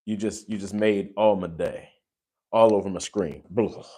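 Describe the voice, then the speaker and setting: A man hosting a relaxed livestream, with a voice that sits a little on the low side. He gushes at his viewers and keeps breaking into sudden loud exclamations. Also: normal speed. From United States. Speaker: host. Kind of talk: casual livestream chat.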